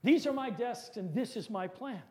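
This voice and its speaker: A man with a high voice playing a calm, firm male college professor who speaks in a measured, quietly insistent way.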